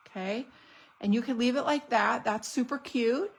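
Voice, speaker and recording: A woman's voice: on the high side, normal speed, breathy edge, rough recording. A woman showing off craft products in a casual unboxing video, gushing and chatty. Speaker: stamping demonstrator.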